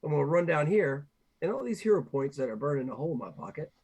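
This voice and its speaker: Casting: husky man, a bit high-pitched, loopy on cold meds, joking through a tabletop game. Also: sing-song, fast, darkish tone. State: on cold medicine. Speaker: player. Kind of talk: playing a tabletop game online.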